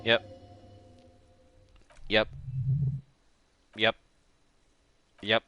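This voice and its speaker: A man's voice: on the low side, monotone, extremely slow, sharp tone, lo-fi sound. A man streaming a game, chatting casually and self-mockingly, swearing now and then, and reading game text aloud.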